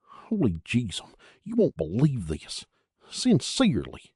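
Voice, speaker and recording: A man's voice: medium pitch, huge pitch swings, measured pace, dark tone, slightly rough, dry recording, studio quality, full character voice. A man voicing an out-of-breath boy who is eager and insistent. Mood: excited. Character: excited breathless boy, frantic.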